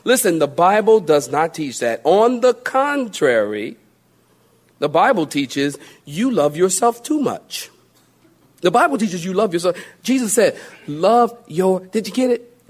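Male pastor preaching, high voice that jumps all over, teasing, stretches out big lines. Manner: animated, mocking self-pity in playful put-on voices; drawn-out emphatic phrases. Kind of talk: sermon.

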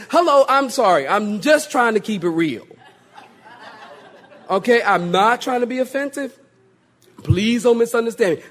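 Male pastor, husky high voice, swoops between hushed asides and shouted bits, comic impressions. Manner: animated, joking, mimics pompous prayer voices. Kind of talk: sermon.

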